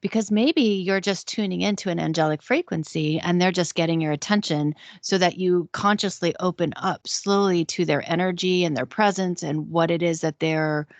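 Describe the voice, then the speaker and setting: A woman co-hosting a radio show, gently giving spiritual advice in a casual way. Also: fairly low pitch, normal speed, hardly any pauses, dry recording. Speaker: tarot reader co-host. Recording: dull lo-fi radio audio.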